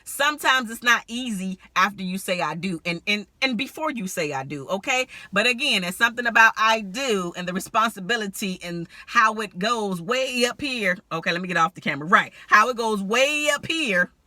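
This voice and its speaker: A woman with a very bright, forward voice giving relationship advice straight to camera. She talks candidly and with animation, often breaking into laughter. The sound is close and dry, with no room around it. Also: medium pitch, animated, a little fast, hardly any pauses, dry recording. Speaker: relationship strategist. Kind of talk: direct-to-camera advice vlog.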